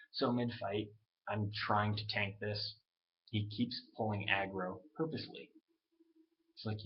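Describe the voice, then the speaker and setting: A man ranting casually into his webcam, animated and profane, acting out other people's lines as he goes. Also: fairly low pitch, normal speed, lo-fi sound. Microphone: webcam mic.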